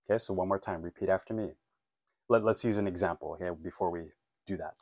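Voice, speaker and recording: A man's voice: low voice, quick pace, a little mellow, a little hiss or hum. A man teaching a phone-English lesson, encouraging and checking in often with "okay?" and "right?".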